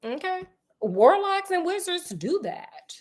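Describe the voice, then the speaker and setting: A woman casually retelling a book to a friend, animated, with joking asides. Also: very high-pitched, slow pace. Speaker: storyteller.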